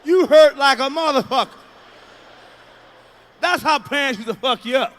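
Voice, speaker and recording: A man works through a stand-up routine, loud and profane. His voice sits very high and comes out sharp and forceful. He tells his stories by acting out the people in them. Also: normal speed. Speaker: stand-up comedian. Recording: archival stand-up clip.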